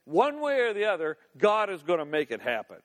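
Male pastor, folksy sermon delivery, fairly high voice, reverberant sanctuary. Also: wildly swooping pitch, fairly quick. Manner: folksy, with playful asides and laughter. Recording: long reverb of a church hall.

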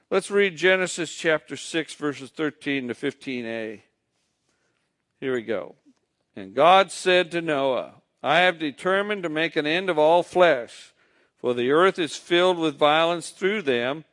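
Male pastor preaching real slow and deliberate, kinda high voice. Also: a bit bright. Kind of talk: sermon.

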